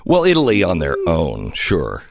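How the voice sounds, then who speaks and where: A man's voice: normal speed, gravelly, no echo, clean studio sound. A man hosting a talk radio show, joking around with his guests and reading ads live. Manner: animated, jokey, swings his pitch widely. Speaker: radio host.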